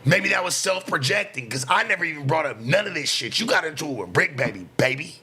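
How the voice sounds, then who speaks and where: A man's voice: fairly high pitch, lively intonation, pushed and bright, husky. A man from the US West Coast, a streamer giving a heated, profane reaction commentary. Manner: profane, heated, rapid-fire ranting.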